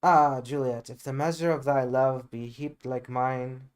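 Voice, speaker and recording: An ardent young man in love, declaiming slowly, as a man reads him in near his own voice. It is an amateur reading of a Shakespeare play. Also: medium pitch, level tone, clean tone, lightly acted. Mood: adoring.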